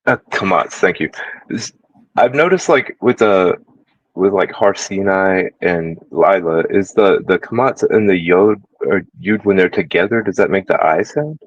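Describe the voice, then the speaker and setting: A student in an online class politely asking the teacher a hesitant question, heard through a remote microphone. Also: male voice, sits low, a little slow, highs cut off.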